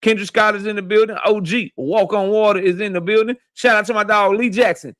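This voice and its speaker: A man hosting a boxing livestream who greets viewers by name in loud, slangy, profane banter. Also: high voice, fairly even intonation, a little fast, no room sound, studio quality. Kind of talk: casual livestream chat, shouting out viewers.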